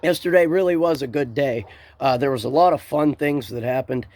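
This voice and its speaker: A man's voice: medium pitch, fairly quick, darkish tone, no room sound. A man from Ohio talking casually to camera, rambling and often repeating and restarting his words. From Ohio, USA. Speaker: political vlogger. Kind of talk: casual monologue recounting a rally day.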